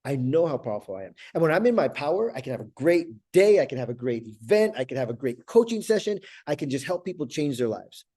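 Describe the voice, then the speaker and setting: An earnest middle-aged man talks through a motivational coaching session, stumbling over and repeating words and asking "right?" as he goes. His voice sits a little high for a man, with a warm, mellow tone. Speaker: life coach.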